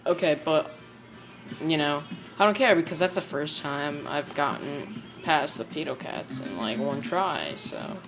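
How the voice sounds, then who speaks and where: Animated young woman shrieking at a game. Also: deep voice, unhurried. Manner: animated, yelps and shrieks at failures. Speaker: gamer. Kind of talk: gameplay commentary. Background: game music.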